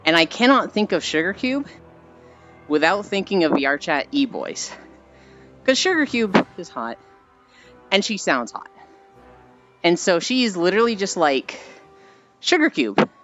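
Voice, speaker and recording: A streamer rambles through stories in a loose, chatty way, sighing often and sounding tired and sweaty from walking. The voice sits in a middling pitch. The stream audio is a bit dull, with faint music underneath. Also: sing-song, a little slow, long pauses, a bit bright. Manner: chatty storyteller with frequent tired sighs. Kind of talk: casual rambling chat while walking on stream.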